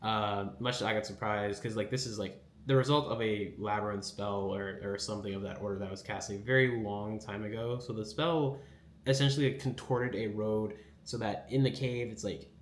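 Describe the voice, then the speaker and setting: A man's voice: fairly low pitch, fairly even intonation, normal speed, reverberant. A man hosting a casual anime recap, rambling with lots of fillers and acting out quotes.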